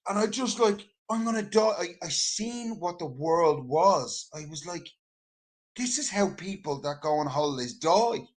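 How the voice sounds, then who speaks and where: A man with an Irish accent telling a casual anecdote in an animated, rambling way, full of swearing. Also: high-pitched, measured pace. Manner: animated, profane, rambling storyteller.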